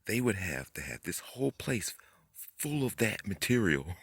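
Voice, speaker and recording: A man giving a rambling, profane late-night monologue, talking fast, tripping over his words and jumping up in pitch when he gets worked up. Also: big pitch swings, a bit bright, breathy edge, no room sound. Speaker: conspiracy video host.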